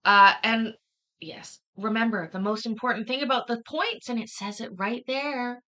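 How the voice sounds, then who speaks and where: Woman streamer, casual and unfiltered, high-ish bright voice, animated delivery. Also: moderate pace. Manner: chatty, laughing, swears freely. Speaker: livestream host. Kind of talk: casual chat reacting to a court stream.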